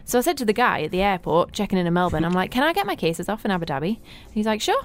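A woman on a studio radio show, recounting travel stories with animated energy and frequent laughter. Her pitch sits in a middle range, and her delivery is chatty and storytelling. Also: rapid-fire. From Britain.

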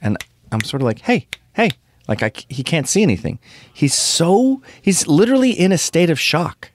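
A man's voice: a little high, very animated, normal speed, dry recording. A middle-aged man hosting his own show, telling crude stories in a ranting casual monologue. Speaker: show host.

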